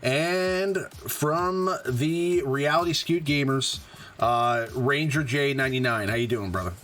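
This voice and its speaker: A man's voice: medium pitch, a little slow, fairly bright tone. A man hosting a casual live stream about a mobile game, laid-back and chatty, full of "uh"s and easy laughs. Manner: laid-back, many fillers and self-amused laughs. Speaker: host.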